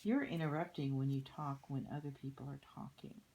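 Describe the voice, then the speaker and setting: An older woman reading a children's picture book aloud, soft-spoken and often slipping into a whisper. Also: very deep voice, fairly even intonation, fairly quick, a little hiss or hum, rough recording.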